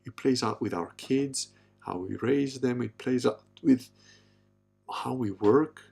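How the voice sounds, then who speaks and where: A man in his fifties hosting a casual monologue, blunt and profane, with a gravelly voice. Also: takes it slowly, darkish tone. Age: 50s. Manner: blunt and profane, mimics others in a high falsetto. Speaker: podcast host. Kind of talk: casual live-stream monologue.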